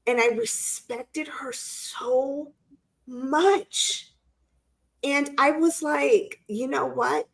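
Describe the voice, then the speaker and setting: Animated, high-voiced woman telling a story. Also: drawn-out words, gravelly. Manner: animated storyteller, acts out quotes in squeaky voices. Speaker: co-host. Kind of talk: casual live-stream chat.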